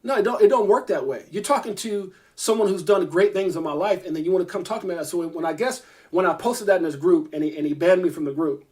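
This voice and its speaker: Fast-talking, irritated man ranting. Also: high-pitched, a little mellow. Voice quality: fast, emphatic, repeats himself. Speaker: crypto YouTuber. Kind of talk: heated rant to camera.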